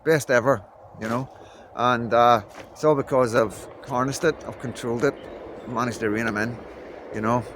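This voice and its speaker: A man's voice: medium pitch, steady tone, normal speed, background noise. A man from Belfast with a Northern Irish accent, talking casually to the camera in a vlog and rambling with lots of "you know what I mean". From Belfast, Northern Ireland. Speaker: vlogger. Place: indoors in Scotland.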